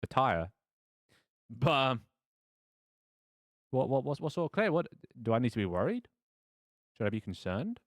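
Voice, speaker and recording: A man's voice: mid-range voice, big pitch swings, normal speed, long pauses, no echo, clean studio sound. A man voicing a nervous, evasive suspect who stammers and protests his innocence. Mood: worried.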